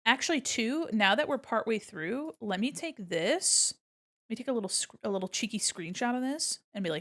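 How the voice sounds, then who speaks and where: Talking to viewers while she draws, this woman streamer keeps things casual, walking herself through every step with goofy jokes and fits of laughter. She speaks briskly in a mid-range voice.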